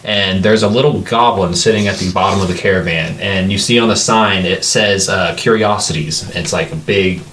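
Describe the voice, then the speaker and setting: A man's voice: deep voice, steady tone, a little fast, few pauses, a bit bright, a little hiss or hum. A man narrating as game master in a tabletop game, loose and rambling with lots of fillers.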